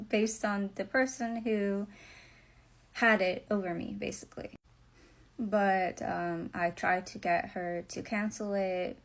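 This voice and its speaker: A young woman telling a personal story, halting, with many fillers and nervous little laughs, close to tears as she speaks. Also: on the low side. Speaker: vlogger.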